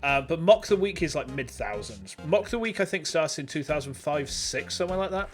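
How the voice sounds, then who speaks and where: English male streamer, 30s, chatty and rambling, lively pitch. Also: a little fast, soft background music. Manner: rambling, chatty, self-deprecating. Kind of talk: casual gameplay commentary.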